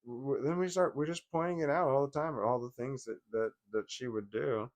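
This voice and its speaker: A vlogger vents in a casual personal monologue, his mid-range voice moving at normal speed over dull audio. Agitated and rambling, he swears constantly, keeps restarting, and breaks into laughter.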